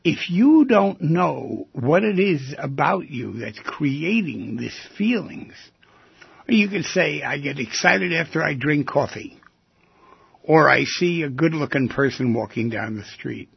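Raspy gravelly guy on talk radio, keeps throwing questions, kinda dull lo-fi sound. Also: a little high, slow, dry recording. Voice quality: gravelly, husky. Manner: questioning, teasing, animated with sudden loud bursts. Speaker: radio call-in host.

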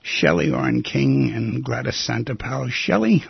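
A man hosting a radio talk show from a studio, telling a personal story in an emphatic, intimate way that swings between loud and hushed. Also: medium pitch, wildly swooping pitch, unhurried, gravelly, husky, muffled recording.

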